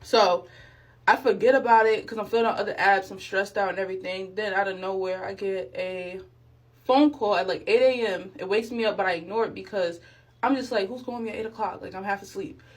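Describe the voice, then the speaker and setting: A woman's voice: mid-range voice, fairly quick. A young woman speaking casually to her viewers about her faith, acting out her own reactions and the voices of others as she tells her story. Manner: animated, acts out her own reactions and quotes. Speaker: vlogger.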